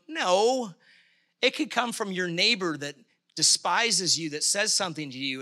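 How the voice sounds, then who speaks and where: High, bright impassioned male preacher. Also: lively intonation. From Canada. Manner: impassioned, emphatic bursts, halting restarts. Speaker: pastor. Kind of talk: sermon.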